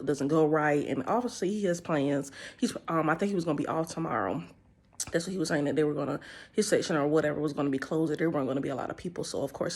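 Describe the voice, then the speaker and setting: A young woman tells a work story in a casual vlog. Her voice sits low, and she talks in an animated way, quoting people and laughing often. The sound is dry and close. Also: slightly rough, dry recording. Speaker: truck driver.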